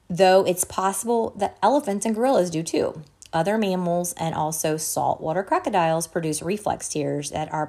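A woman podcast host reading an article aloud in a measured way, stopping now and then to correct her own slips. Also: on the low side, a little mellow.

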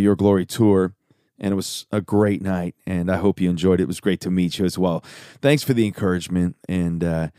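A man's voice: low voice, mellow, clear, resonant tone, dry recording, studio quality. A man hosting a podcast, answering a listener's message in an earnest, upbeat and reflective way. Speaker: podcast host and songwriter. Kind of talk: casual podcast talk.

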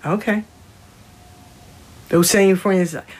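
A woman's voice: mid-range voice, expressive, normal speed. A woman giving a blunt, profane monologue as a spiritual content creator, telling stories and preaching about honesty. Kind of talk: casual livestream monologue.

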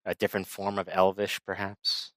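A man co-hosting a casual chat, measured and thoughtful, asking questions. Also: low-pitched, completely flat delivery, fairly bright tone, dry recording, rough recording.

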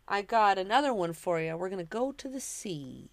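A woman co-hosting a casual podcast, sharing animal facts in an animated way and tripping over hard words. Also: mid-range voice, normal speed, gravelly, no echo.

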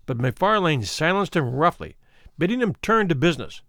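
A man narrating a classic horror tale with an expressive, varied delivery. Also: a little high, normal speed, no room sound, studio quality. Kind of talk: dramatic audiobook narration.

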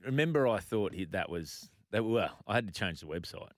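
A man's voice: deep voice, a little fast, no room sound, clean studio sound. An Australian man co-hosting a sports podcast with playful, wry banter. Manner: playful, wry, animated jokes. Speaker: podcast co-host.

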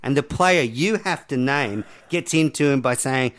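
A man's voice: medium pitch, lively intonation, normal speed, a bit bright. A man, hosting a podcast and reading quiz questions aloud in a jokey, casual way. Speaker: podcast host.

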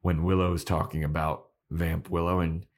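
A man with a low voice recaps a TV episode on a podcast. He tells it loosely and chattily, and he laughs often at his own retelling. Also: flat delivery, moderate pace. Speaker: podcast co-host.

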